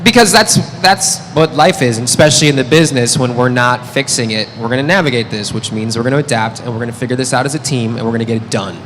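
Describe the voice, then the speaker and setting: A man talking as a guest on a convention panel, animated and jokey with bursts of quick talk. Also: medium pitch. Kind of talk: playful panel banter. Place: convention stage hall with audience. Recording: reverberant hall, faint background noise.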